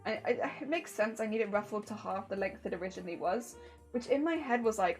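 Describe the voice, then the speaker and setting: A woman's voice: on the high side, lively intonation, a little fast, soft background music. A woman streamer chatting casually while sewing, bubbly and rambling, laughing often.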